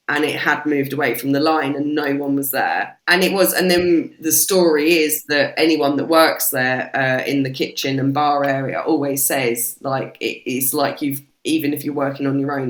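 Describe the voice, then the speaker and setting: A British woman, a podcast guest, telling stories in a casual, animated way and swearing freely. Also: a bass voice, moderate pace. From Britain. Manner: animated, swears freely, acts out quoted voices. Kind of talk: casual storytelling chat. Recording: roomy echo.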